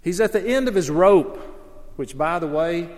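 A man's voice: high-pitched, expressive, moderate pace. A man preaching a sermon, earnest and emphatic, pressing hard on his key points. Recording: long reverb of a large hall.

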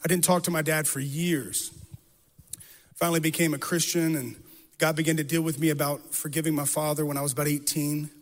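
A man's voice: on the high side, little pitch movement, a little fast, long reverb tail. A man preaching an earnest sermon, telling a personal story with emphatic, repeated phrases. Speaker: pastor.

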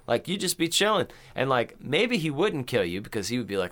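A man co-hosting a laid-back movie review podcast, his pitch swinging widely as he talks. He swears casually and keeps breaking into goofy acted-out lines. The talk is loose, animated and joking. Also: fairly quick, few pauses. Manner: animated, swearing, acts out quotes in silly voices. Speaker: podcast co-host.

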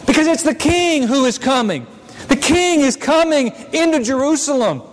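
A man with a very high voice preaches to his congregation, speaking in a casual, conversational way and often doubling back on his words. His voice rings out with a long reverb, as though he is in a big church sanctuary. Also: lively intonation, moderate pace. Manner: conversational preaching with frequent restarts and repetitions. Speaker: pastor. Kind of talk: sermon. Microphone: handheld or stand mic. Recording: long reverb of a large hall.

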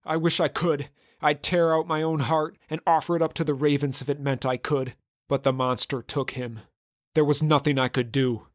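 A man's voice: on the high side, little pitch movement, moderate pace, no echo, studio quality, close to an everyday voice. A man voicing a fearful Norse warrior who pleads with his king in a shaky voice. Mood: pleading.

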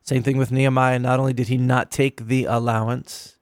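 A middle-aged male pastor talks through a sermon he gave, earnest and emphatic, stretching out single words for weight. His voice sits at an ordinary pitch and is captured close and dry, with no room sound around it. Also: flat delivery, no echo. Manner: earnest, emphatic, slows to stress key words. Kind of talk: recounting a sermon.

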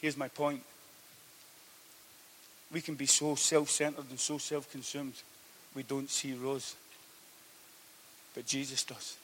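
A man preaching a sermon, telling a story that swings from hushed to loud. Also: medium pitch, flat delivery, slow, pauses often, a little hiss or hum. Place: church hall.

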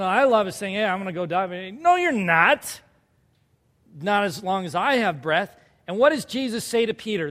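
Man, high voice, conversational sermon, long hall reverb. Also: a bit bright. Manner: conversational preaching, asks the audience questions. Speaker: pastor.

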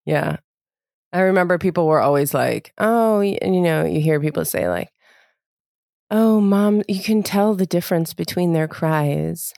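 A woman's voice: on the low side, normal speed, creaky, darkish tone, dry recording, clean studio sound. Blunt, sarcastic woman podcast co-host. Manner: blunt, sarcastic, swears for humor. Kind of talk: casual podcast chat.

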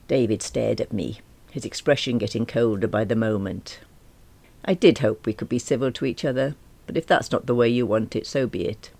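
A woman's voice: extremely low pitch, normal speed, gravelly, a little mellow, dry recording. A middle-aged woman, reading a first-person audiobook in a wry, self-deprecating manner. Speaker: audiobook narrator.

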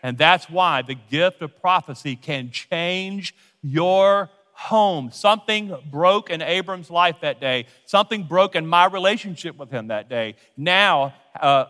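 A man preaching as a guest pastor, earnest, slowing his words down to lead a prayer. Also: high voice, pushed and bright. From United States. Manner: earnest, slows down for emphasis in prayer. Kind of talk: sermon. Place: large church auditorium. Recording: long hall reverb from a church sanctuary.

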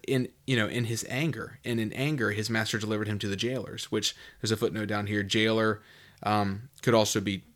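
Male Bible teacher: reads passages, then unpacks them conversationally, with sudden leaps up in pitch for emphasis. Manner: reads scripture, then explains in a relaxed, musing way with fillers; swings into high, loud emphasis when stressing a point.

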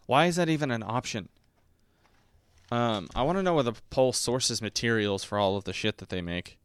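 A man in his twenties chatting casually about a movie, rambling and self-mocking, often breaking into squeaky high put-on voices. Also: animated, moderate pace, clear, resonant tone, no room sound. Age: 20s. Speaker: podcast host reviewing a movie.

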